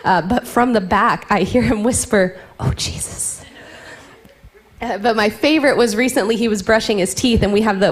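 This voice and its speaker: A woman in her thirties preaching a sermon, telling playful family stories and dropping into whispers for effect. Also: on the high side. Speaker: pastor.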